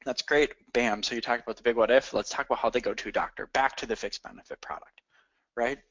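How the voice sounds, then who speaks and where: Fast-talking male sales trainer. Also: medium pitch. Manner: energetic, coaching, addresses listeners directly. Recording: dull lo-fi audio.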